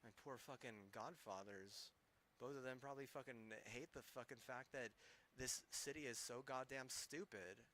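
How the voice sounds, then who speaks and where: Angry swearing male streamer, bright voice. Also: medium pitch, normal speed, slight background noise. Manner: heated, swearing, rambling. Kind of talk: angry profane rant.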